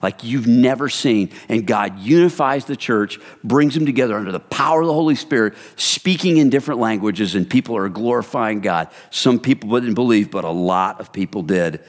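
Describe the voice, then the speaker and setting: A male pastor preaching a sermon at a middle pitch in a casual, animated way and telling stories to his listeners. His voice carries a long hall reverb. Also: moderate pace, few pauses. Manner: conversational, animated storytelling.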